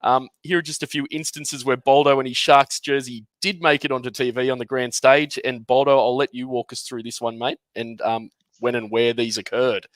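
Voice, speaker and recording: A man's voice: medium pitch, fairly even intonation, normal speed, few pauses, dry recording. A man on a sports podcast panel, reading out social posts with wry jokes. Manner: wry, jokey. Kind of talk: casual sports chat.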